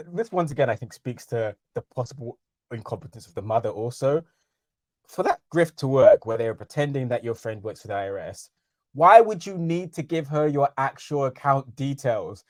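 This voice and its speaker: A man in his thirties riffs sardonically on a podcast. He leans hard on words and slides into incredulous rants. His voice swings widely in pitch and is recorded dry and close. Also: expressive, normal speed, no room sound. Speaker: podcast co-host. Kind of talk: casual chat.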